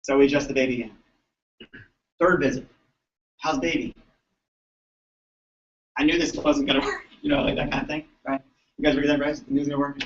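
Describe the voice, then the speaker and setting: Animated storytelling man, distant lo-fi mic. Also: on the high side, fairly quick, pauses often, a little hiss or hum. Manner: animated storytelling, acts out voices. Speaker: chiropractor. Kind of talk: storytelling talk to a live audience. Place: event floor at a convention. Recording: distant mic, dull lo-fi sound.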